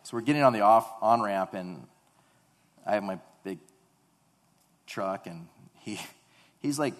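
A man in his thirties preaching a sermon, earnest, rising to loud emphatic peaks and dropping to quiet storytelling. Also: lowish voice, expressive, unhurried, pauses often. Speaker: pastor. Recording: long reverb of a large hall.

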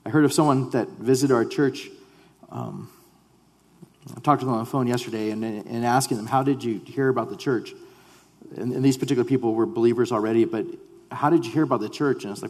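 A man's voice: mid-range voice, a little fast, darkish tone, long reverb tail. A man preaching a sermon as pastor, earnest and conversational, often restarting his sentences. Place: church sanctuary.

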